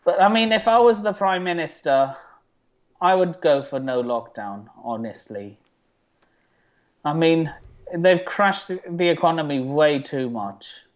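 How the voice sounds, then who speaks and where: A man from the UK holds forth in a casual political chat with heavy sarcasm. His speech is slow and drawn out, and his voice comes through a muffled, lo-fi recording. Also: a little high. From United Kingdom. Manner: sarcastic, animated. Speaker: co-host. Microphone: headphones and desk mic. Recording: dull lo-fi sound.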